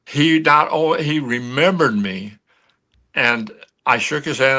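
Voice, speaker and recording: Older guy, ex-pro athlete, telling old stories on a sports talk show, tense bright voice, lots of restarts. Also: medium pitch, unhurried. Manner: animated anecdote-telling with frequent restarts. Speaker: guest, former pro athlete.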